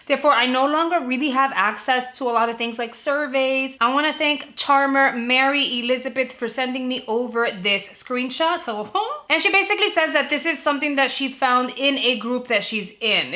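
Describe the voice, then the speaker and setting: A young adult woman talking casually to camera about beauty subscription boxes, chatty with quick asides. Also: on the high side, bright, forceful tone. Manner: chatty, fast asides with frequent "like" and laughs. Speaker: beauty subscription box vlogger.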